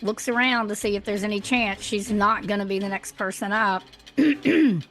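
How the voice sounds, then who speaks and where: A woman describing her character's actions in a tabletop game, deliberate and careful. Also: mid-range voice, faint music behind. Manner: deliberate, clears throat often. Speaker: player.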